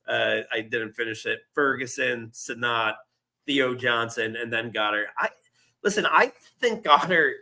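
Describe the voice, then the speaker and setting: Bright-voiced rambling male podcast host. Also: mid-range voice. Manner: rambling, laughs often, many restarts. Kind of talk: casual sports chat.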